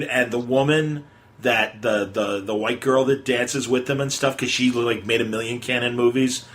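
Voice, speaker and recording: A man's voice: medium pitch, fairly bright tone. A man hosting a podcast in casual chat, meandering through film talk with plenty of restarts. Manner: meandering, lots of fillers and restarts. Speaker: podcast host.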